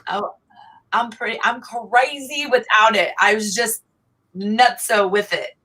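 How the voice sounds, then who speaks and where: A woman's voice: a little high, slow, pushed and bright, husky, poor audio. A middle-aged woman, chatting animatedly as a guest and laughing often. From Oklahoma. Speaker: guest singer-songwriter. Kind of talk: casual interview chat.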